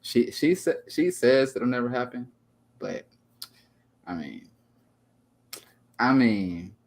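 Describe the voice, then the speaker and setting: A man's voice: mid-range voice, big pitch swings, slow pace, vocal fry. A man hosting a livestream talk show, chatting casually and joking in a playful, mock-dramatic way. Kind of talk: casual chat.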